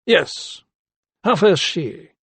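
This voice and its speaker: A man's voice: sits high, expressive, very slow, vocal fry, fairly bright tone, breathy edge, no room sound, pitched above the performer's own voice, exaggerated voice. Man putting on a terse older male professor, suspicious, short probing questions, slightly raised.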